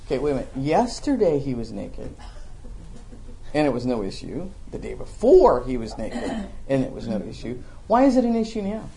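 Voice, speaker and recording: A middle-aged woman teaching a Bible study to a small group, animated and acting out the voices of the scripture. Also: sits low, moderate pace. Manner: animated, acts out the scripture voices, laughs along.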